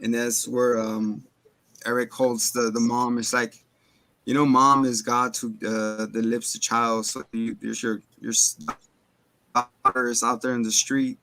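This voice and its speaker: A man's voice: mid-range voice, flat delivery, a little slow, bright, forceful tone, no room sound. A man co-hosting a casual movie review, rambling through the plot and acting out characters' lines. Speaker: podcast co-host.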